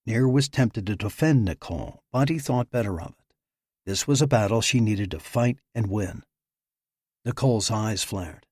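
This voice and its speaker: Give me a male audiobook narrator with a measured, even read and a dry sound. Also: on the low side, breathy edge, no echo. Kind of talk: scripted narration.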